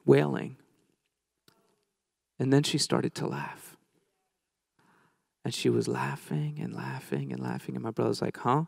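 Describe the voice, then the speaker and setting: A man's voice: medium pitch, very animated, a little slow, vocal fry, pauses often, a little mellow, husky, no room sound, clean studio sound. A middle-aged man preaching a sermon, telling a story in a casual, joking way with many restarts.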